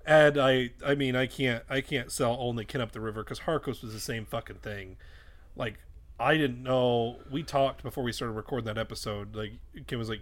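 A man's voice: mid-range voice, normal speed, fairly bright tone. A man co-hosting a podcast in casual chat, rambling with frequent swearing and restarts. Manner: rambling, swears often, self-interrupting restarts. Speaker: podcast co-host and editor. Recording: raw podcast mic.

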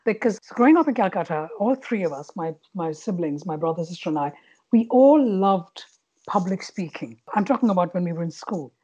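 A middle-aged woman from India with a Bengali-influenced English accent, telling stories as a podcast guest in an animated way, laughing at times. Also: fairly low pitch, a little fast, slightly rough, lo-fi sound. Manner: animated, laughing, with frequent restarts. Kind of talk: reflective storytelling.

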